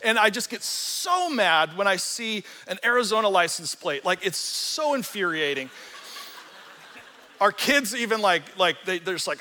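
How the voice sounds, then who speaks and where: A man's voice: high voice, very animated, moderate pace, sharp tone, a little hiss or hum. A man in his forties preaching a sermon as a pastor, casual and storytelling, with self-deprecating humor. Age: 40s. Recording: reverberant hall.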